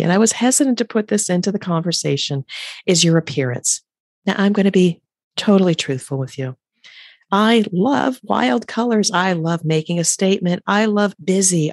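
A woman's voice: deep voice, darkish tone, dry recording, clean studio sound. A woman with an alto voice, hosting a podcast and coaching listeners in an emphatic way, ending her sentences on a falling note while she stands at her desk. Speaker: podcast host and career coach. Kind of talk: solo podcast talk. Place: home office at a standing desk.

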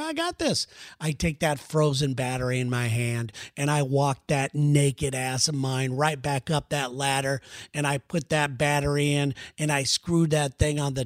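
A middle-aged man hosting a comedy podcast, telling a story in an animated, profane and exasperated way. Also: on the high side, no room sound, clean studio sound.

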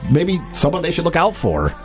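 A man co-hosting a comedy podcast, tossing in wisecracks and deadpan asides. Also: a little high, a little fast, faint music behind. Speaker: podcast co-host. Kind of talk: casual comedic podcast banter.

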